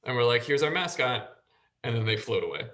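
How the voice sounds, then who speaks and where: A man's voice: mid-range voice, animated, brisk, a bit bright. Man host, casual, steers a group chat with questions and easy laughter. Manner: prompting questions, laughs easily. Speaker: podcast host guiding discussion. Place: school podcast recording.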